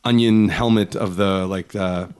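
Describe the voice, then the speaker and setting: A man's voice: low-pitched, fairly even intonation, measured pace, a little mellow, clear, resonant tone. A man hosting a casual comedy podcast, rambling with restarts and frequent laughter. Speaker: podcast host.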